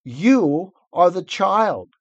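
A man's voice: high voice, very animated, very slow, dry recording, highs cut off, voice pushed up, exaggerated voice. A man voicing a remorseful male faun who sobs and pleads as he reads a novel aloud. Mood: sobbing remorse. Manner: tearful, pleading.

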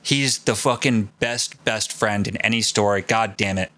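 A man hosting a podcast, telling a story in casual, profane and excited chat. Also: on the low side, normal speed, no room sound. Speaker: podcast host.

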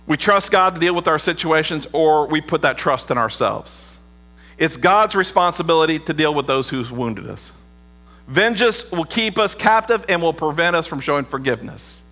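A man preaching a sermon as pastor, earnest, often dropping low and quiet for emphasis. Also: expressive, moderate pace. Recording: long hall reverb with mains hum.

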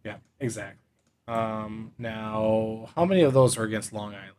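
A man's voice: on the low side, normal speed, darkish tone, slight background noise. A man co-hosting a casual sports chat, rambling with lots of fillers. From Upper Midwest. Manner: filler-heavy, meandering delivery. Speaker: podcast co-host.

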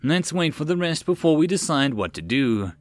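A man voicing a calm, careful adult male team leader giving quiet orders in a storybook reading. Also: on the high side, normal speed, no room sound, pitched above the performer's own voice.

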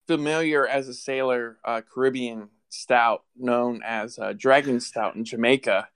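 A man's voice: medium pitch, steady tone, unhurried, a bit bright, clear, resonant tone, dry recording. A man doing a put-on American accent as a brash male diving instructor alter ego, jokey and swaggering. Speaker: podcast guest.

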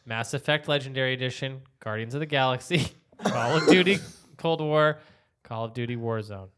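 A man's voice: medium pitch, normal speed, a bit bright. A man hosting a casual group podcast chat, often laughing. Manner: laughs a lot, reads lists. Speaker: podcast host.

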